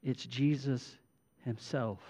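A man preaching a sermon as a pastor, moving from emphatic declarations to a quiet, intimate prayer voice. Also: mid-range voice, steady tone, slow pace.

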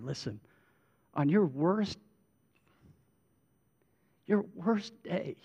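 Slow-speaking preacher, emphatic then hushed. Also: male voice, mid-range voice, highs cut off. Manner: swings from emphatic to hushed, intimate prayer tone. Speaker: pastor. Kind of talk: sermon.

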